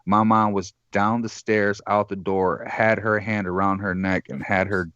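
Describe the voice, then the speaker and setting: He's a caller from Michigan, USA, casually telling a drawn-out, profane tale and impersonating the people involved. The voice is on the low side, smooth and a bit bright, level in tone and unhurried, on a dry recording with the highs cut off.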